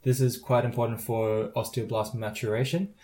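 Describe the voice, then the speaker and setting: A man's voice: mid-range voice, level tone, moderate pace, a little mellow. A young man in his twenties, a medical student co-hosting a podcast, chatting casually and often affirming with yep and mm. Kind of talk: casual educational chat.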